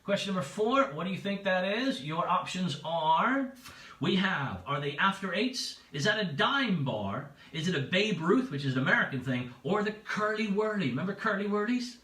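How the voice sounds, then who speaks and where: A bright-voiced man hosts a home pub quiz, chatty and playful as he repeats each option. His pitch swings widely. He sits back from the mic in an echoey room. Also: sing-song, moderate pace, distant mic. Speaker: quiz host. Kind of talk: livestream pub quiz hosting.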